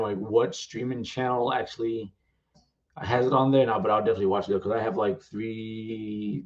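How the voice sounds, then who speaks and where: A man's voice: medium pitch, a little mellow. Rambling man with muffled audio. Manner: rambling, heavy use of "like". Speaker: author. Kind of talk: casual livestream chat.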